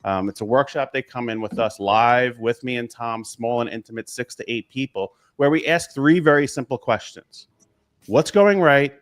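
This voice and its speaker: A male business coach from Long Island, New York, guesting on a casual talk show. He speaks at a middle pitch and drives his points home with rapid lists of short, emphatic phrases. His delivery is confident and conversational.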